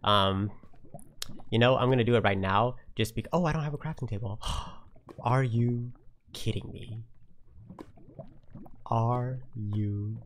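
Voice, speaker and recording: A man giving uncut running commentary on his own game, talking to himself and venting frustration out loud. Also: medium pitch, slow pace, pauses often, a little hiss or hum. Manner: talks to himself while playing, frustrated outbursts. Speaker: Minecraft let's player.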